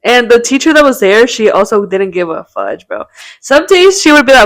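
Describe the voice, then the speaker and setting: A woman's voice: on the high side, big pitch swings, moderate pace, no echo. Slangy rambling young woman, dry sound. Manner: rambling, slangy, peppered with "bro" and swearing. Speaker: podcast co-host. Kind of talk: casual storytelling chat.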